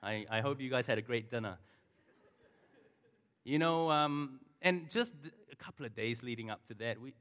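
A man's voice: mid-range voice, animated, normal speed, a bit bright. A middle-aged man preaching a sermon as a pastor, telling a personal story in a conversational way and turning to the congregation with asides. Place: church hall. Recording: long reverb of a large hall.

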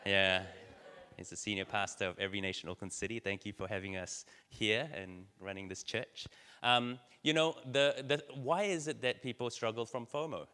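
Bright-voiced man preaching in a hall. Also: lowish voice, moderate pace, clear, resonant tone. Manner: storytelling with many fillers and restarts. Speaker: church speaker. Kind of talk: sermon. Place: church hall.

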